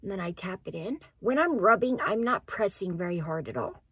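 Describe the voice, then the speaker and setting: A woman's voice: medium pitch, expressive, a little fast, a bit bright, slightly rough, no echo. A woman talking casually through her skincare routine, explaining each step as she goes. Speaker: beauty vlogger.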